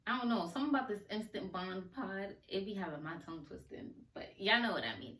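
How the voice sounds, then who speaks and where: A woman's voice: medium pitch, expressive, brisk, hardly any pauses, fairly bright tone, distant mic. A woman hosting a solo podcast, talking in a heartfelt, conversational way and laughing often. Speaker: podcast host. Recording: roomy echo, voice a bit off-mic.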